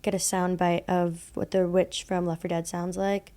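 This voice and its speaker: A woman's voice: fairly low pitch, flat delivery, moderate pace, dark tone. A young woman co-hosting a podcast, telling a story in a rambling casual way, full of fillers and laughing at herself. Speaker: podcast co-host telling ghost stories.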